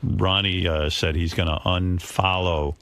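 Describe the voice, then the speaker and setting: A man's voice: low-pitched, steady tone, measured pace, fairly bright tone, dry recording. A male radio host talking casually and teasing his callers. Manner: teasing, dry. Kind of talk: radio talk.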